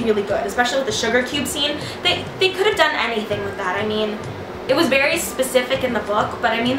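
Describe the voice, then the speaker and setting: A woman giving a casual movie review, gushing and rambling with lots of "like". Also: a little high. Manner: gushing, rambling, heavy use of "like". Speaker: film reviewer. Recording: echoey room, distant mic, music behind.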